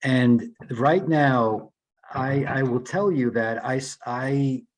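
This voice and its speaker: A man's voice: mid-range voice, slow, poor audio. Earnest man speaking on a call. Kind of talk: public meeting remarks. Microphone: video call.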